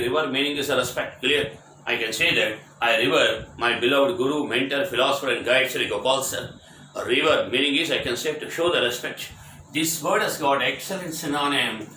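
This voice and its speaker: Bright-voiced man teaching vocabulary in echoey room. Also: mid-range voice, fairly quick. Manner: spells words letter by letter, asks "Clear?"; repetitive, explanatory. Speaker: English teacher. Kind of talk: vocabulary lesson. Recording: echoey room with faint ambient noise.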